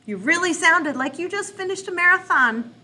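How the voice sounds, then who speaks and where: A woman children's librarian with an American accent, cheerfully encouraging children in a reading lesson. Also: extremely high pitch. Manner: encouraging, cheerful, slow and expressive.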